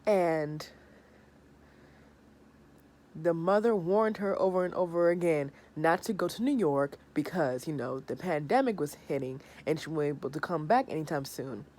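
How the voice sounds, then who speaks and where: A woman in her thirties with a slightly low voice chats through a reality show episode. She is sassy and animated and sounds tired, as if talking late at night. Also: moderate pace. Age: 30s. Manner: sassy, animated, acts out the people she discusses. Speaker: reality TV recapper. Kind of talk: casual episode review.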